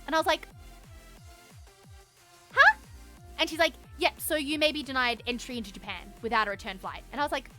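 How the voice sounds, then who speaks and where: A woman's voice: high-pitched, expressive, a little fast, pauses often, bright, forceful tone, soft background music. A young woman streamer telling a story casually, acting out both sides of a conversation and swearing freely. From Australia.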